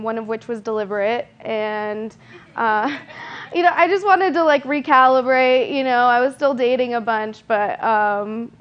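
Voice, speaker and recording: A young woman doing a stand-up set on stage, her voice sitting a little high. She delivers self-deprecating lines deadpan, filling gaps with ums and quick laughs. The live recording sounds dull and lo-fi. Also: clean tone. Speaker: stand-up comedian. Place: comedy stage.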